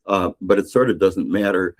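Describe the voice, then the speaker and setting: Older male author, very low voice, meandering storyteller, podcast guest. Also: moderate pace. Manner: rambling storyteller with many restarts and fillers. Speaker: novelist guest. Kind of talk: retelling a novel's plot in a podcast interview.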